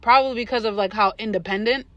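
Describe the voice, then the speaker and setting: A woman co-hosting a podcast in casual chat, animated and slangy, laughing often. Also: on the high side, fast, muffled recording. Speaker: podcast co-host.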